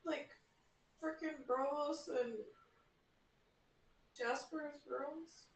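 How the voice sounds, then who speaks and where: A woman playing a tabletop game, thinking her moves through out loud with hesitation. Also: high voice, steady tone, extremely slow. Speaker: player. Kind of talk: casual tabletop play. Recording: roomy, distant mic with faint background noise.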